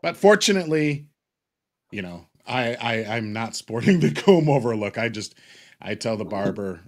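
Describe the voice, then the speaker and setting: A man's voice: mid-range voice, lively intonation, normal speed, slight background noise. A middle-aged man telling a rambling, joking story in a casual chat, swearing freely. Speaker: co-host.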